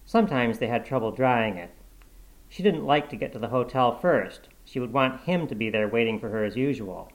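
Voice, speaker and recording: A man narrates a short story in a steady, measured reading voice. His pitch sits in an ordinary middle range. The pacing stays even throughout. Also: poor audio.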